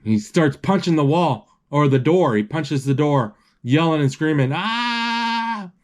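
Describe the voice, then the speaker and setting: Guy narrating a movie as he watches, stumbles and restarts a lot, reads the lines out kinda flat. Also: fairly high pitch. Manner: halting, restarts often, reads out dialogue flatly. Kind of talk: casual live retelling of a film.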